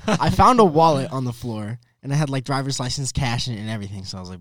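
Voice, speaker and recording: Animated young man telling a story. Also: medium pitch, fast, hardly any pauses, no room sound. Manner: animated storyteller acting out his own lines. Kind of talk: casual storytelling chat.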